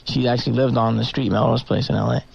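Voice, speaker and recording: A man, a comedian guest on a radio show, telling stories casually with a sore throat and quick character voices. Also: mid-range voice, steady tone, vocal fry, a little mellow, muffled recording, a little hiss or hum.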